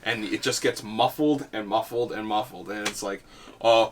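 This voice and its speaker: A young man from Canada co-hosting a casual podcast chat, quick to agree and animated when joking. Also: on the low side, slight background noise. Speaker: podcast co-host.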